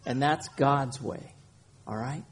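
A man's voice: mid-range voice, slow pace, husky. A man preaching a conversational sermon, reading scripture and often checking in with his listeners. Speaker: pastor.

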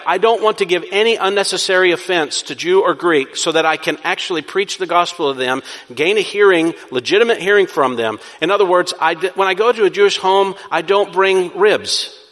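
A male pastor delivers a sermon in an emphatic style, posing questions to his congregation and answering them himself. His voice is bright and a little high for a man. It rings out with a long reverb in a church sanctuary. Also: lively intonation, normal speed. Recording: reverberant hall.

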